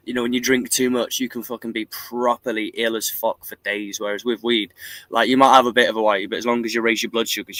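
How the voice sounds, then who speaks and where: A man's voice: medium pitch, dry recording, poor audio. A man co-hosting a casual chat over a headset, swearing a lot as he tells stories. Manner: swears constantly, animated storytelling. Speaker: podcast co-host.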